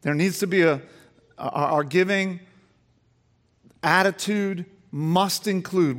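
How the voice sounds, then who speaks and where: A man's voice: a bit bright, in a large hall. A male pastor preaching a sermon to his congregation. He asks the congregation questions, restarts phrases, and builds emphatically as he goes. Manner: emphatic preaching that rises in pitch and volume as he builds. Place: church sanctuary with long reverb.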